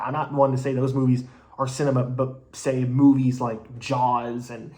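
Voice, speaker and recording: A man talks through a movie review in a loose, rambling way, leaning on fillers like "you know" and "like." He speaks bluntly and swears now and then, in a voice of ordinary middle pitch. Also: flat delivery, moderate pace, warm tone. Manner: blunt and casually profane. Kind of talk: casual spoken movie review.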